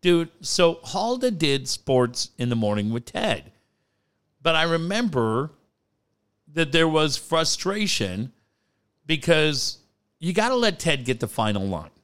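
A man telling radio stories in casual chat, profane and animated. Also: on the high side, takes it slowly, clear, resonant tone. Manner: animated, profane, mimics voices in anecdotes. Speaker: sports radio host.

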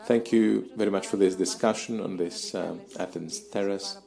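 Low gravelly guy talking slow on a panel, lots of uhs and pauses. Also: fairly even intonation, mellow. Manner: halting, with many pauses and fillers. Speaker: panel discussion speaker. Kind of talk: live webcast panel discussion.

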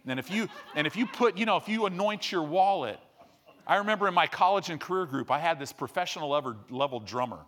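Man, preacher, sermon, high voice, very lively pitch, animated storytelling. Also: quick pace. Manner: animated storytelling with acted-out quotes.

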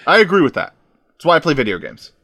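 A man reacts to a film in casual watch-along commentary. His voice sits high and swings widely as he heckles the characters in exasperation. The sound is dry and close, with no room echo. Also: big pitch swings, fast. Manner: exasperated, yells insults at the screen.

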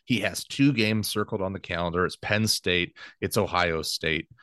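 A man's voice: deep voice, moderate pace, fairly bright tone, no room sound, clean studio sound. A man co-hosting a casual sports podcast, giving confident, opinionated analysis. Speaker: podcast co-host.

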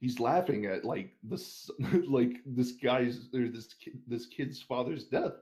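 Speaking slowly in a medium-pitched, somewhat dark voice, a young interview guest spins out a lengthy tale. His delivery is relaxed and rambling, loaded with profanity and broken up by his own laughter.

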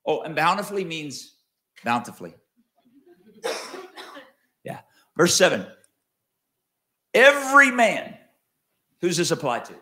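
A man preaching a sermon in a conversational way, slowing down and rising to stress key words, then dropping low for asides. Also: big pitch swings. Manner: conversational with wide swings in pitch and loudness, slows to stress key words. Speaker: pastor.

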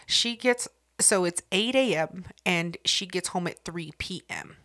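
Blunt woman with a bright voice. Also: lowish voice, expressive, measured pace. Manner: blunt, profane, interjecting. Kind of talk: casual chat, reacting to a story.

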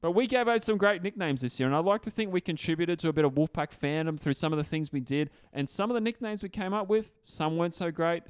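A man's voice: a little high, animated, quick pace, hardly any pauses, smooth, dry recording, studio quality. A man co-hosting a casual sports podcast, bantering and joking with his co-host. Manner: jokey, banter-filled.

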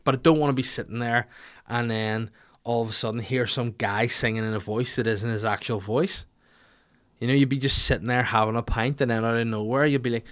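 A man's voice: medium pitch, a little fast, fairly bright tone. A man hosting a podcast, delivering a sardonic, profane comedic rant. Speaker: podcast host.

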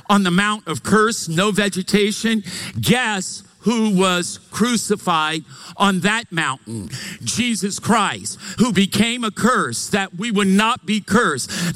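A man from Louisiana preaches a sermon live in church. His voice sits fairly high, and he talks in an animated, joking way, teasing the congregation. He keeps pulling them in with quick asides. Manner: animated, joking, repeats "get this". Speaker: pastor.

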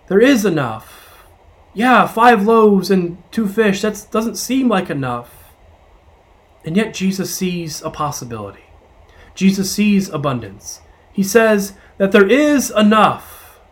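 A man preaching a sermon, retelling a gospel story with voiced asides and slowing down for emphasis. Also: high voice.

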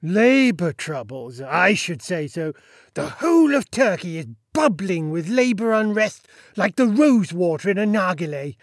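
A man's voice: high voice, sing-song, a little slow, no room sound, studio quality, voice pushed up. A man voicing a pompous, boastful little Sultan in a story reading, talking in a bossy, self-satisfied way. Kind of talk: audiobook character voice.

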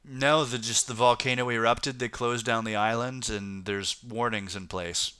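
A man's voice: medium pitch, steady tone, normal speed, bright, forceful tone, clear, resonant tone, no echo. A man hosting a casual podcast, chatting about news stories with frequent restarts and laughter. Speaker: podcast host reading news. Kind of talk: casual chat.

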